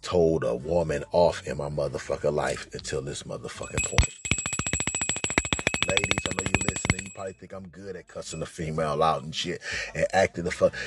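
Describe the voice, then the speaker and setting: A man hosting a podcast, telling a profane, excitable story and acting out scenes with shushing and cries. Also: sits low, heavy background noise. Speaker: podcast host. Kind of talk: animated storytelling monologue.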